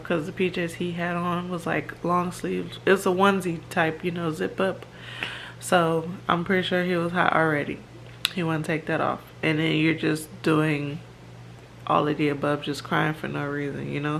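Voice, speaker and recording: Gravelly-voiced mom vlogging at home. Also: female voice, deep voice, little pitch movement, moderate pace, a bit bright, a little hiss or hum. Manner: chatty and rambling, with fillers and laughs. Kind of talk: casual chat to camera. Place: her home, by the kitchen.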